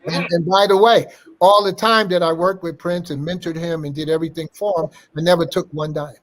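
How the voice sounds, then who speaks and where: An older man recalling old times in an interview, his voice sitting a bit higher than most men's. He is a lively storyteller who slips into the voices of the people he quotes. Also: fairly quick. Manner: animated anecdote-teller, acting out quoted dialogue. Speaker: interview guest.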